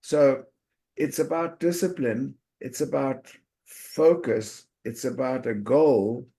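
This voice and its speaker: Male coaching host, unhurried, emphatic points. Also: medium pitch, creaky, dark tone. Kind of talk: coaching conversation.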